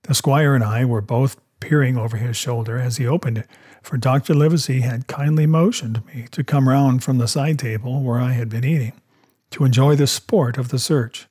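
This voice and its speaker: A man reading a storybook aloud in a steady first-person narration. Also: medium pitch, moderate pace, slightly rough. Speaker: audiobook narrator. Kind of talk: scripted narration.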